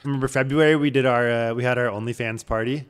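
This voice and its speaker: Young male co-host, quick rambling storyteller, crude and loose. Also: mid-range voice, steady tone, clear, resonant tone. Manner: rambling, swears a lot, laughs often. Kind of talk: casual storytelling chat.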